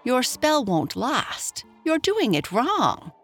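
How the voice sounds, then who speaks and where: A woman's voice: high-pitched, huge pitch swings, takes it slowly, a bit bright, soft background music, voice pushed up, heavily acted. A woman voicing a tiny, fussy, well-spoken male grub in a read-aloud storybook. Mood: prim.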